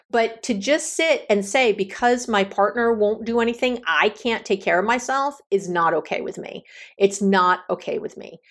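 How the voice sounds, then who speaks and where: A middle-aged woman, a relationship coach, giving direct, encouraging advice in a podcast monologue, her pitch leaping for emphasis.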